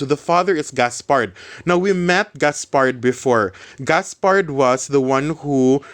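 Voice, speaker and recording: A man reading a classic novel aloud and explaining it casually to students, slipping in Cebuano words. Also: medium pitch. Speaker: literature teacher.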